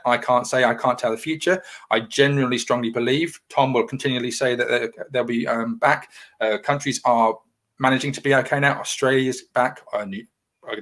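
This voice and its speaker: A man's voice: mid-range voice, fairly bright tone. A man hosting a casual livestream, reading viewer comments and talking in a rambling, reassuring, chatty way. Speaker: livestream host.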